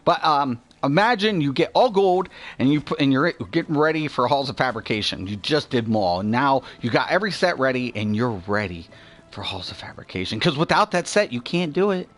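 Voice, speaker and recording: A middle-aged man hosting a gaming video, chatting casually about games as he plays, rambling and swearing a lot with animated asides. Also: medium pitch, brisk. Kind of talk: casual gameplay commentary.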